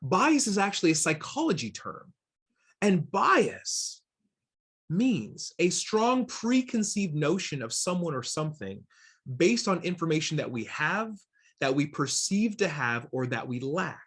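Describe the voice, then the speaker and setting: A man giving an interactive diversity training talk, telling a story in a lively conversational way, acting out inner voices, with many fillers and restarts. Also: on the high side, unhurried, husky.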